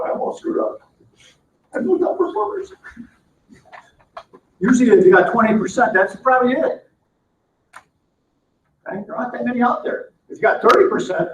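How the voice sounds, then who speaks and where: A man's voice: sits high, a little hiss or hum. A man giving a seminar lecture on management, punchy and emphatic, often asking the room questions. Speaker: management trainer. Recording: roomy, distant, dull lo-fi sound.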